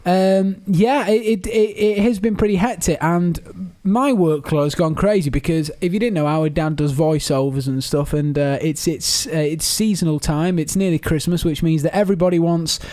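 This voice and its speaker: Young bloke, joky podcast chat, kinda high voice, dead dry recording. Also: male voice, darkish tone, no echo. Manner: joking, quick banter. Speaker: podcast co-host. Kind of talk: casual chat.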